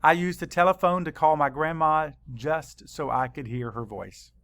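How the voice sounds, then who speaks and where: A man teaches children a spelling lesson, sounding out words and spelling them slowly and deliberately, letter by letter. His voice is a little high with a fairly bright tone.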